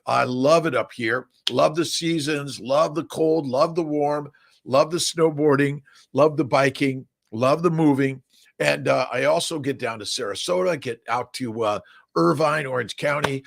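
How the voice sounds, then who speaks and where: Upbeat rambling man with gravelly voice. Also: mid-range voice. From Southern California. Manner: upbeat, rambling, greets viewers by name. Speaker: livestream host. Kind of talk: casual morning livestream chat.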